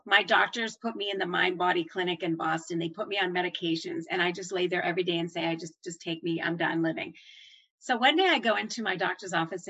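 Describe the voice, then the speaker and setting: A middle-aged woman tells her own story. Her voice is bright and clear, and she acts out every doctor and nurse in it, her pitch leaping up and dropping low as she plays each part. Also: highs cut off. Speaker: former nurse manager telling her story. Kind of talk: personal storytelling.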